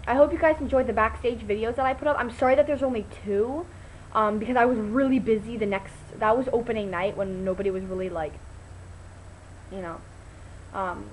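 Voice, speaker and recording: A teenage girl rambles through a story in a casual vlog, chatty and riddled with ums and restarts, sometimes breaking into high, excited quoted voices. The recording is low quality with slight background noise.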